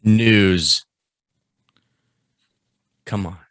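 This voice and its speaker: A man's voice: lowish voice, very slow, fairly bright tone, no room sound, clean studio sound. A man co-hosting a podcast news quiz in casual chat, swearing freely and laughing often as he teases his co-host.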